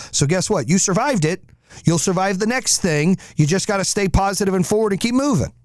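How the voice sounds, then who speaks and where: A man's voice: sits high, darkish tone, dry recording, clean studio sound. A man hosting a podcast, giving a blunt, profane, fired-up motivational monologue. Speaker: podcast host.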